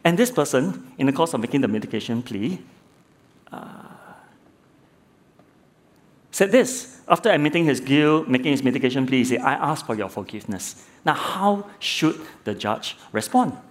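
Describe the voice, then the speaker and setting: Very animated and fairly high-voiced, a middle-aged former judge turned lay preacher speaks at normal speed, recounting a courtroom tale and posing rhetorical questions to his congregation. He frequently repeats words at the start of phrases.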